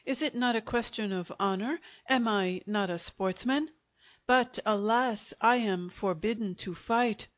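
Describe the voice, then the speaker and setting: A woman's voice: mid-range voice, a little slow, no echo, natural voice. A woman voicing a serene, overly polite plump middle-aged male coffin maker, courteous and florid, on a dull lo-fi recording. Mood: polite regret.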